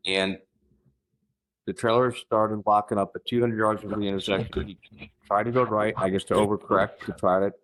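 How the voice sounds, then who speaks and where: Low-voiced man telling a personal story. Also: level tone, fairly bright tone, poor audio. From Missouri, United States. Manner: halting, with restarts and throat-clearing. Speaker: podcast guest.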